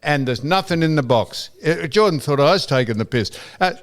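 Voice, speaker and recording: A man's voice: on the high side, lively intonation, a little fast. An older Australian man co-hosting a podcast, telling an anecdote in casual chat, mimicking people and swearing now and then. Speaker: podcast co-host.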